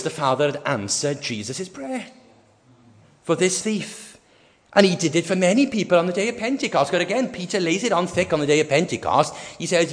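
A man's voice: high-pitched, big pitch swings, a little fast. Fervent preacher man in a reverberant hall. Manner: earnest, rising fervour, rhetorical questions. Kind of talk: sermon.

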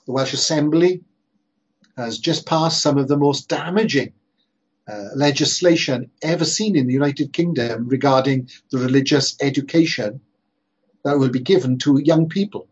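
A man preaching a sermon in an earnest, emphatic way, slowing down to stress repeated phrases. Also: mid-range voice, breathy edge. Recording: dull lo-fi sermon recording.

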